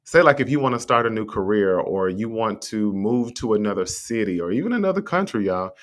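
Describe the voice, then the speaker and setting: A man hosting a motivational livestream talk, speaking conversationally and straight to his listeners, his pitch swinging up on rhetorical questions. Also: expressive, a little fast. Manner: conversational and encouraging, addresses listeners directly. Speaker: host. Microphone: streaming setup with a mute button.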